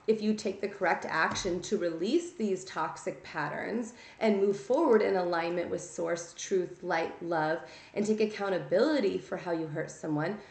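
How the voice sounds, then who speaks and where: Gravelly-voiced woman giving a blunt tarot reading. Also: mid-range voice. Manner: blunt, chatty and scolding, full of "like" and "okay?". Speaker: tarot reader. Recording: echoey room.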